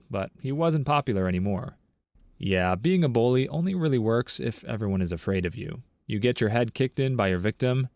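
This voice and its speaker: A man's voice: on the low side, darkish tone, no room sound. Man wryly narrating online stories. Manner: dry, wry asides, occasional laughs. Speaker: story narrator.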